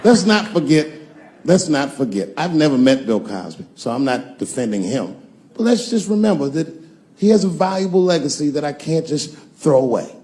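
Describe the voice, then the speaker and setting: A man's voice: a little high, sing-song, a little fast, dark tone. Profane storytelling male comedian. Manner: profane, storytelling delivery with acted-out voices. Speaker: stand-up comedian. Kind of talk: stand-up comedy routine.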